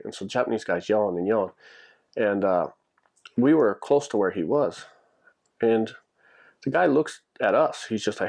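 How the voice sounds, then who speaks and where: Low-voiced man rambling casually. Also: big pitch swings, fairly quick, vocal fry, a little mellow, breathy edge. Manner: rambling, with frequent "like" and restarts. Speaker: vlogger. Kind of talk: casual storytelling monologue. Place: lives in Japan.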